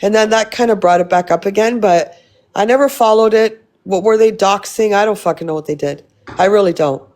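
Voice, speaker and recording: A woman's voice: mid-range voice, a little fast, darkish tone. Blunt, rambling, foul-mouthed woman streamer. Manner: blunt, rambling, swears a lot. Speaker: live streamer. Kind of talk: casual live-stream chat reading comments.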